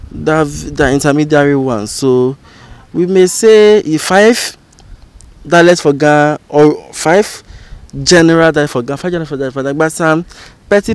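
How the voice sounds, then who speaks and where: A man teaching an informal lesson as a channel host, explaining slowly and repeating example phrases. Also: a little high, dry recording. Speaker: language educator and channel host.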